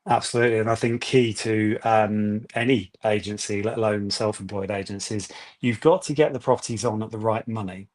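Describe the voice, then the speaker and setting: A man's voice: lowish voice, fairly even intonation, fairly quick, darkish tone. A man, an independent estate agent telling chatty anecdotes as a webinar guest over a video call. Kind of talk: webinar interview answers.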